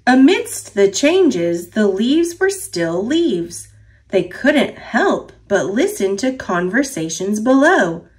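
A woman reading a children's picture book aloud in a gentle, expressive narrating voice. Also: medium pitch, slow. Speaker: storybook reader.

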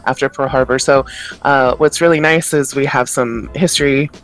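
A man's voice: medium pitch, steady tone, normal speed, a bit bright, soft background music, low-quality recording. A man co-hosting a podcast in casual chat, hesitant and often repeating his words with small laughs. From Pacific Northwest of the United States. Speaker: podcast co-host.

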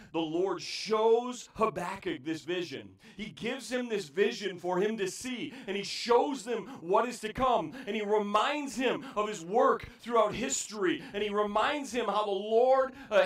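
A male pastor preaching an impassioned sermon, his voice swinging between near-shouts and hushed, pleading tones. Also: sits high, unhurried, few pauses. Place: church sanctuary. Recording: echoey church room, voice heard from a distance.

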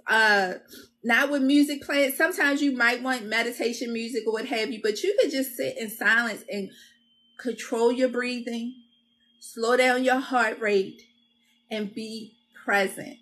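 A woman's voice: fairly high pitch, steady tone, measured pace, fairly bright tone. A woman hosting a self-care video, giving an encouraging talk with a repetitive, preacher-like cadence and addressing her viewers as y'all. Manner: casual and conversational with confessional asides. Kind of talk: motivational self-help talk.

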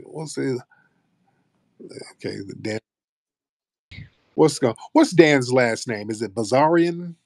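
A man's voice: mid-range voice, lively intonation, takes it slowly, gravelly, pauses often, dry recording, clean studio sound. Brash, profane American man hosting. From United States. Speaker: host of a live audio space. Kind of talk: casual live chat.

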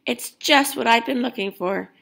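A woman voicing a cheerful, proud old grandfather in a storybook, speaking slowly and pleased. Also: fairly high pitch, gravelly, fairly bright tone, voice pushed up.

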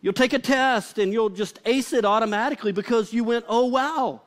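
A man's voice: very high-pitched, a little fast. A male pastor preaching a live sermon in a conversational, humorous way, often saying "like". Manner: conversational and humorous, with frequent filler "like".

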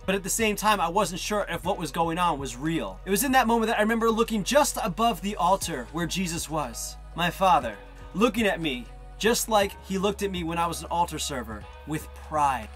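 A man in his thirties from northern New Jersey telling his personal faith testimony, animated and acting out the voices he quotes. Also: fairly high pitch, brisk, soft background music. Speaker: testimony speaker.

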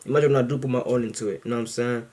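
A man hosting a reaction video, chatting casually to camera in a rambling, slangy way full of fillers, excited and grateful. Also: mid-range voice, rapid-fire.

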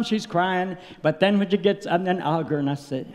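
A middle-aged man preaches at a tent revival, his voice high for a man. He tells his stories with sound words and builds to loud, emotional peaks. The sound carries a long reverb from the large tent. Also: very animated, normal speed. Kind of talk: sermon.

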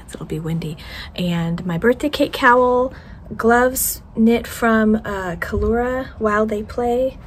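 A woman chatting casually in a craft vlog, laughing often and slipping into quick whispered asides. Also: on the high side, a little hiss or hum. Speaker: craft vlogger.

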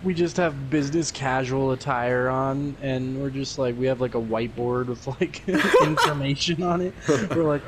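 A man's voice: mid-range voice, normal speed, very noisy. A young man, a podcast co-host, joking wryly in casual chat and laughing often.

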